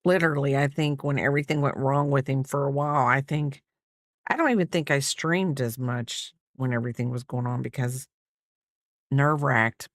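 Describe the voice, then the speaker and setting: A woman's voice: rumbling low, normal speed, dry recording, studio quality. A middle-aged American woman livestreaming while she crochets, chatting casually and rambling as she answers her viewers. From United States. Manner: rambling, chatty, answers chat between stitches. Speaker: livestreamer crafter.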